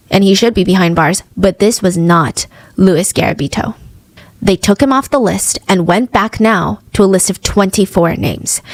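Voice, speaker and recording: A woman's voice: mid-range voice, no room sound, low-quality recording. A woman hosting a true crime podcast, retelling a case in a casual, conversational way with wry asides. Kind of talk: casual storytelling narration.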